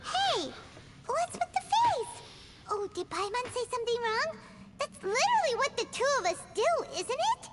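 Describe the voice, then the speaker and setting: A woman voicing a tiny, excitable female fairy companion who talks about herself in the third person, in a game. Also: very high-pitched, moderate pace. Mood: excited. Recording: game audio with loud background noise.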